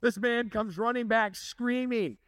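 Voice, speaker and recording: In a very high, steady, fairly bright voice at a measured pace, a pastor gives a conversational sermon, asking his congregation questions and making jokes. The sound is clean, studio quality, with no room sound.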